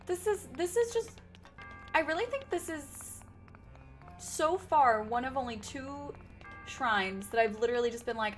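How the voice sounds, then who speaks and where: A woman talks casually through a game stream, greeting viewers and musing aloud with a slightly sore throat. Her voice sits a bit high and swings animatedly, with soft music underneath. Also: sing-song, normal speed, pauses often. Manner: chatty, greets chat, thinks aloud. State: sore throat, sipping tea. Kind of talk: casual game livestream chat.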